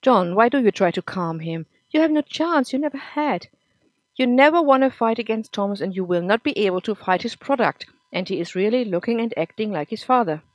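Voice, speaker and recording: A woman's voice: on the high side, animated, fairly quick, dry recording, natural voice. A woman reading the lines of a spiteful, cruel woman who taunts and sneers, in a dry close recording. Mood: taunting.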